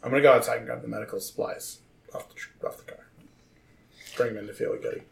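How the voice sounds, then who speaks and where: A man's voice: medium pitch, fairly even intonation, quick pace, vocal fry, poor audio. A man playing a tabletop game, laid-back in casual talk. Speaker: player.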